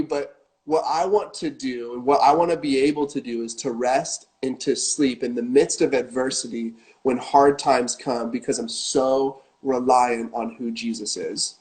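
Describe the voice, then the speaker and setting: A man giving earnest devotional teaching, slowing down on key phrases. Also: medium pitch, darkish tone.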